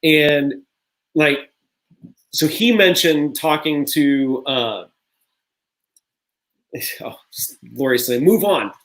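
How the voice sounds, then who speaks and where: A man's voice: a little high, lively intonation, extremely slow, pauses often, fairly bright tone. Reflective man leading a reunion chat. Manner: reflective, rambling with restarts. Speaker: director hosting a reunion. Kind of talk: casual group reminiscing.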